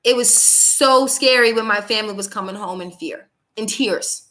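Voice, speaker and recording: Speaking at normal speed in a mid-range, slightly bright voice, a young woman rants on her own political commentary show. Her monologue is angry and blunt, with repetition used for emphasis.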